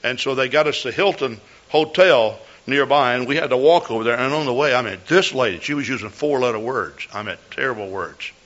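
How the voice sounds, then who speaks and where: A man's voice: medium pitch, a little fast, few pauses, fairly bright tone. An older man preaching a sermon as a pastor, telling a folksy story with repeated words and restarts. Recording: dull lo-fi recording.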